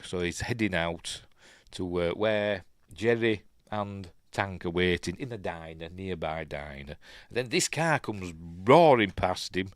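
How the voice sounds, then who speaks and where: A lower-voiced Yorkshire man talks his way through a film as he watches it, rambling and chuckling at his own asides. His pitch swoops up and down as he goes. The recording is dry and close. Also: dry recording. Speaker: film review podcast host. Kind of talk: casual film commentary.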